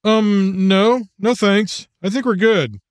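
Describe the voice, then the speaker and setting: A man's voice: sits high, takes it slowly, smooth, dry recording, studio quality, voice pushed up. A man doing a flustered, reassuring dad. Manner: hesitant, reassuring. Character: flustered father, middle-aged engineer.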